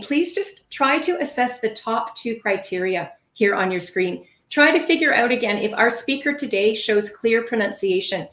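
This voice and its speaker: A woman giving a live online lesson on speaking skills, with a clear, encouraging teaching delivery. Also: mid-range voice, fairly bright tone, reverberant. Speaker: test prep instructor.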